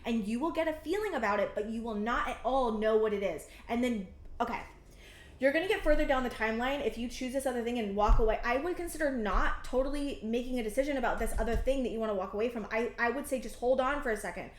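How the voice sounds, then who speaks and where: A woman in her thirties reads tarot cards in a slightly high voice, her sentences halting and circling back with fillers as she searches for meaning. She speaks with earnest emotional intensity. The sound carries a noticeable echo, as if from a bare room. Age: 30s. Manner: rambling, halting and earnest, many fillers and restarts; emotionally intense, close to tears at times. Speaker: tarot reader. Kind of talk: pick-a-card tarot reading.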